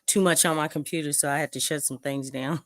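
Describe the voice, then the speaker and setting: A woman co-hosting a casual sports talk show, breezy and quick to laugh. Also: low-pitched, fairly even intonation, no room sound, studio quality. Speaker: podcast co-host.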